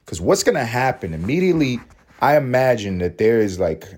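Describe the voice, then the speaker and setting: A man's voice: mid-range voice, big pitch swings, fairly quick, a little mellow. A man hosting a podcast, delivering a casual comedic monologue as a profane, rambling rant with laughing asides. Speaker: podcast host.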